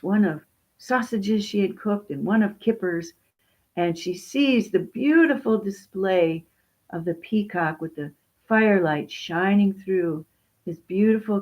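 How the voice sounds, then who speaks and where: A woman telling a children's story in a slow, expressive way. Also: on the low side, lo-fi sound.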